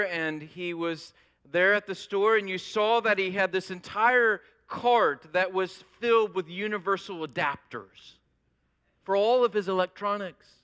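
A man preaching a sermon as a pastor, telling an animated illustration to his congregation with rising emphasis. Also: high voice, clear, resonant tone.

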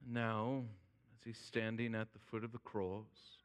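A male pastor preaching a sermon, swinging from loud urgency down to a hushed near-whisper. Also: fairly low pitch, flat delivery, a little slow, clean tone. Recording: long hall reverb.

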